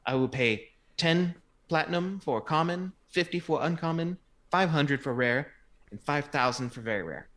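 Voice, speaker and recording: A courteous priestess merchant in a tabletop game, as a man puts her on, speaking in a formal, measured way while halting on fillers. The voice stays close to a plain male register. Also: fairly high pitch, expressive, a bit bright. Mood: businesslike.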